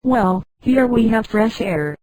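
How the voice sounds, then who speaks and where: Computer woman voice reading a nervous young wife, flat delivery, higher pitch. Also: takes it slowly, dry recording, rough recording. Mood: plain. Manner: flat synthetic read, no change of voice.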